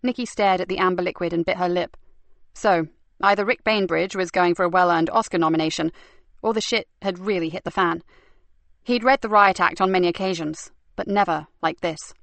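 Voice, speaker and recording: Low-voiced woman narrating a crime novel. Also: brisk, creaky, a bit bright, no echo. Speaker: audiobook narrator. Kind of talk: scripted narration.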